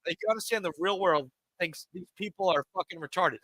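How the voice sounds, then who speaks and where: A man's voice: high-pitched, fairly quick, a bit bright, no room sound, rough recording. A man on a live stream, ranting in a rambling, profane, emphatic way to his chat. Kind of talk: casual live-stream rant.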